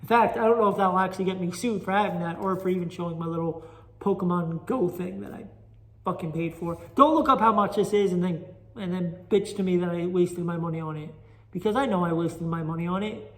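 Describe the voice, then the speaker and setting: A New York Italian man with a high, fairly bright voice talks briskly through a casual solo podcast that he hosts. Restless and rambling, the amateur stand-up comic keeps putting down his own stand-up. The phone recording carries an echoey chamber reverb.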